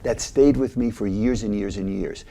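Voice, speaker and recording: A man's voice: on the low side, normal speed, vocal fry, slight background noise. An older man, a former mental health agency head, telling stories animatedly as an interview guest. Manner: animated, retells scenes with voices. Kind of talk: interview storytelling.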